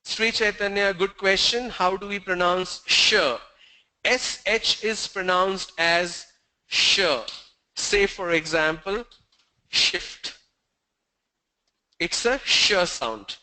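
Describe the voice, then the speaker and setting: A man's voice: high-pitched, steady tone, takes it slowly, sharp tone. A man teaching pronunciation, strictly answering students' questions and spelling words out letter by letter.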